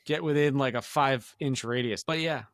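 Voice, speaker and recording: Speaking at a normal speed in a mid-range, fairly bright voice, this podcast co-host chats casually, full of filler words and casual cursing. The recording is dry and studio quality.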